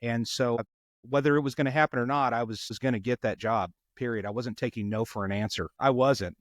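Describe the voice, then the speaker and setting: Animated middle-aged man telling a story. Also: medium pitch, brisk, dry recording, clean studio sound. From Los Angeles. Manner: animated storyteller who acts out quotes. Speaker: homicide detective guest. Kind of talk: storytelling in a podcast interview.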